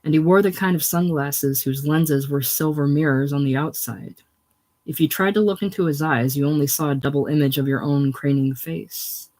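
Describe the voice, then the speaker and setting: A man reading a novel aloud in a steady, measured way, his voice sitting slightly on the high side. The narration stays even and unhurried. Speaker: audiobook reader.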